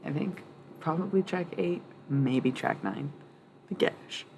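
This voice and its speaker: A woman's voice: deep voice, slow pace, gravelly, a little mellow, a little hiss or hum. A woman reading tarot cards on a livestream, rambling and blunt, swearing freely and laughing often.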